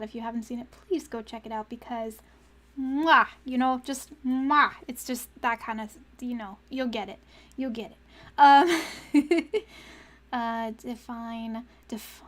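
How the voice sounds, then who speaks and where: Young woman streamer, high-pitched and unhurried, who talks to herself as she works out lyrics and keeps repeating lines. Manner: muses aloud, repeating phrases to find words; often laughs and trails off mid-thought. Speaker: streamer writing song lyrics. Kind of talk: casual live-stream chat.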